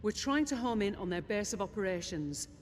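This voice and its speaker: A woman's voice: medium pitch, animated, fairly quick, a little hiss or hum, close to an everyday voice. An actress playing a determined female ship officer briefing her commander in a game. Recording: game audio with long reverb.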